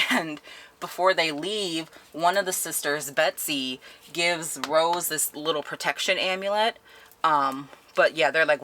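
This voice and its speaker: A woman's voice: sits low, a little slow, bright, forceful tone. A young woman chatting animatedly through a book review, laughing often as she retells the plot. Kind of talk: casual spoken book review.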